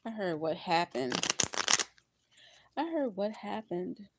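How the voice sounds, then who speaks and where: An older woman reading tarot on a livestream, expressive and preachy, often laughing and calling her listeners honey and baby. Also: mid-range voice, takes it slowly, heavy background noise. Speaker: tarot reader.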